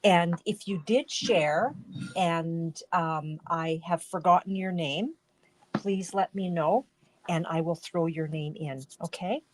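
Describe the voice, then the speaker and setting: Slow-talking, chatty woman crafting host. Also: fairly low pitch. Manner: chatty, rambling, self-interrupting. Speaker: card-making host. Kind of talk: casual live-stream chat.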